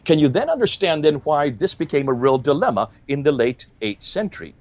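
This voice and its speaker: A man's voice: fairly high pitch, sing-song, fairly quick, dry recording, lo-fi sound. A man giving emphatic, lecture-style commentary and asking rhetorical questions.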